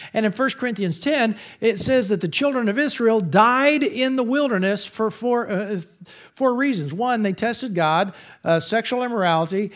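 A high-pitched middle-aged man preaches to college students with animated, joking energy. He often acts out whiners and grumblers in mock voices, then drops back to his own. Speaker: campus pastor.

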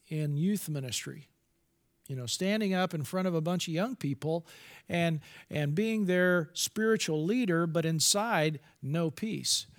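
A man's voice: high-pitched, fairly bright tone. A middle-aged man giving a candid, confessional sermon as a preacher, with restarts and asides.

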